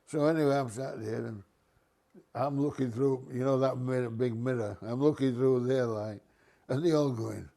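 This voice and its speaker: An older man spins a reminiscing anecdote at an easy middle pitch. He chuckles now and then and slips into voices for the people he quotes. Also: moderate pace, vocal fry, mellow. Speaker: retired bus driver.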